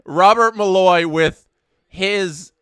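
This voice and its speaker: A man's voice: high voice, slow pace, smooth, no room sound, studio quality. A young man hosting a casual live watch-along, calling the match and chatting with his viewers. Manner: chatty, reads chat aloud, excited bursts on big plays. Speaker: livestream host doing live match commentary.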